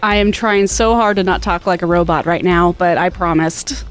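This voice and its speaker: A woman co-hosting a podcast in casual chat, playful and teasing with quick quips, on a boom mic. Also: soft background music. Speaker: podcast co-host. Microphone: boom mic with studio headphones.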